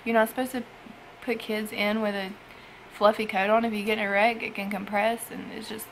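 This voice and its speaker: A young woman, a foster mother, talking in an emotional personal vlog, halting and tearful with sighs and trailing phrases. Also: fairly high pitch, fairly even intonation, slight background noise, rough recording. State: emotional after crying. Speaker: foster parent vlogger.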